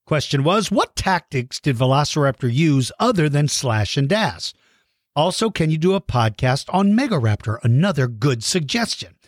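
A man's voice: fairly high pitch, no room sound, clean studio sound. A man hosting a podcast in casual chat, answering children's questions in a friendly way and stumbling over hard names.

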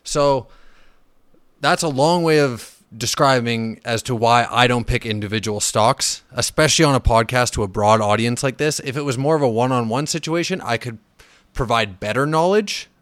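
A smooth mid-range male voice at a moderate pace belongs to a solo finance podcast host. Casual, blunt, and profane, he rants with fillers and restarts, becoming animated when riled, in a studio-quality recording with no room sound.

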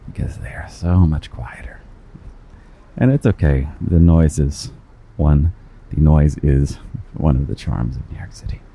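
Very deep gravelly man, flirty podcaster. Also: warm tone. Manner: flirty, rambling, laughs often. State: slightly out of breath. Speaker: podcast host. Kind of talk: intimate walking podcast. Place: outdoors on busy city streets. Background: traffic and construction noise.

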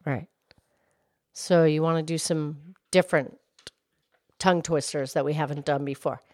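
A woman voicing a gentle, patient cow who cohosts a children's podcast. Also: low voice, fairly even intonation, normal speed, dry recording, studio quality, close to an everyday voice. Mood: calm. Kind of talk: kids' podcast character play.

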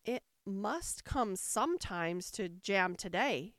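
Polite, curious young Alice, as a woman reader voices her, speaking gently and a touch timidly. Her voice is lifted slightly above the narration. It is recorded dry, with no room around it. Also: a little high, sing-song, moderate pace, no echo, voice pushed up. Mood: objecting.

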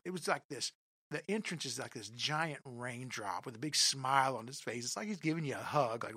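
A man telling a comic personal story in an animated, self-deprecating way, often talking straight to his listeners. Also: medium pitch, vocal fry, no echo, clean studio sound.

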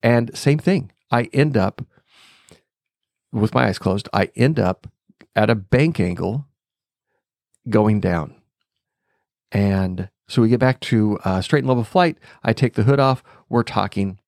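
A middle-aged man with a somewhat low voice hosts his podcast, telling a personal story as he thinks aloud. He pauses on fillers and lets out small chuckles along the way. The sound is dry and close, with no room around it. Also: vocal fry, darkish tone, dry recording. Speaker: podcast host. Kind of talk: reflective storytelling monologue.

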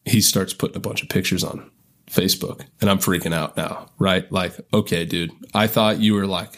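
Here a middle-aged man with a low-sitting voice and flat delivery talks briskly as a podcast guest. He tells long, wandering stories, piling on fillers and frequently breaking off to start over.

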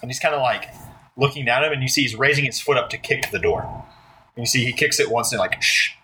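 Bright-voiced man running a tabletop game. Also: medium pitch, fast talker, a little hiss or hum, poor audio. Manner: loose, filler-heavy description with lots of "like". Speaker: game master.

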